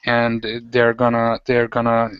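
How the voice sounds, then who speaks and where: A man running a tabletop role-playing game as game master, who explains the rules haltingly with many fillers. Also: mid-range voice, completely flat delivery, clean tone, no echo. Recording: dull lo-fi home recording.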